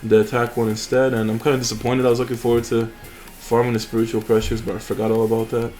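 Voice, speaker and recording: A man's voice: mid-range voice, completely flat delivery, fast talker, darkish tone, faint music behind. A young man hosting a mobile game channel, chatting casually and rambling with fillers and restarts over his gameplay.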